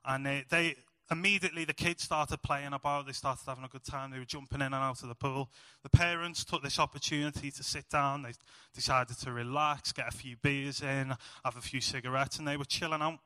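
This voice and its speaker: A man's voice: mid-range voice, steady tone, fairly quick, few pauses, bright, forceful tone, clear, resonant tone, no room sound, big-room sound. A young man preaching a sermon in a chatty, self-mocking storytelling way.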